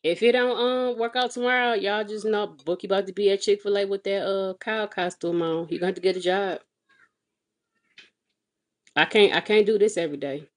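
A woman vlogging as a mother, telling a comedic, exasperated story with sassy, animated delivery and big swings in pitch. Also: fairly quick. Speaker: mother of a kindergartner. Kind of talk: comedic storytelling vlog rant. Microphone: phone or webcam vlog.

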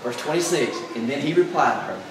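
A man preaching a sermon as pastor, exuberant and emphatic, often building up to shouts. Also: mid-range voice, expressive, fast, noisy background. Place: large echoey church hall. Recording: very echoey hall, voice from far off.

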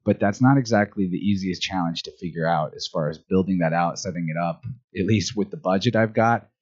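Deep-voiced upbeat man hosting a podcast. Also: a little fast, dull audio. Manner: upbeat, chatty, addresses listeners directly. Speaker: podcast host. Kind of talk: casual podcast outro.

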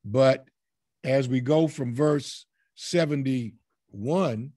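A man with a Southern US accent leads a Bible study, teaching animatedly and performing the voices of figures in the scripture. His voice is medium-pitched, slightly rough, and very slow, with no echo.

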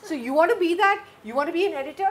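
Older woman telling lively anecdotes. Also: extremely high pitch, rapid-fire. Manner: animated anecdote-telling, mimics people, laughs often. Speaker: guest speaker, filmmaker. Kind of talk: casual stage conversation.

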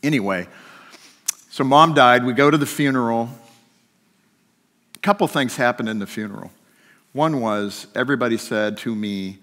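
A middle-aged man telling a personal story during a sermon, shifting between lively and hushed. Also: medium pitch, moderate pace, long pauses. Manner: storytelling, swings from animated to hushed. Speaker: guest speaker. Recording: long hall reverb.

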